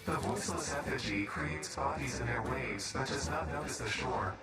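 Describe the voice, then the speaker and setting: A man's voice: mid-range voice, normal speed, vocal fry, close to an everyday voice. A man voicing a cryptic alien entity that speaks in riddles, in a game. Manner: cryptic, chanting. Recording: distant with game music.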